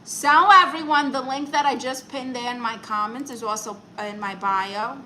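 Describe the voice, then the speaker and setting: Speaking at a normal speed, a fairly high-voiced, bright woman runs a comedic live stream and reads viewer comments aloud, replying with mock seriousness. The audio is poor, with her close-miked voice over a faint room hum.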